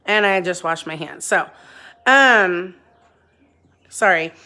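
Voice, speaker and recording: A woman's voice: fairly low pitch, slow pace, bright, forceful tone. A woman in her forties talking bluntly about her own life in a candid, rambling monologue, swearing freely. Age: 40s. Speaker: vlogger.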